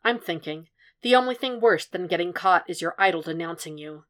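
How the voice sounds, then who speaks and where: A woman voicing a weary, calm and stubborn male profiler who speaks in a low, dry, level way. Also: brisk.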